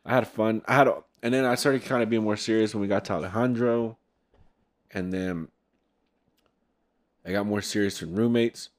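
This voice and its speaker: Young man, podcast host, casual chat, lively storytelling, lowish voice. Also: normal speed, pauses often. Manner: animated storytelling, acts out quotes loudly. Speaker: podcast host and film director.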